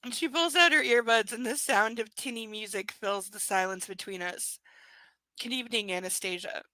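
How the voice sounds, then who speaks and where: A woman's voice: on the high side, normal speed, sharp tone, no room sound, poor audio. A woman reading a novel aloud live, breaking off for sarcastic, laughing asides about the story. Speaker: reader. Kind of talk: live book reading with commentary.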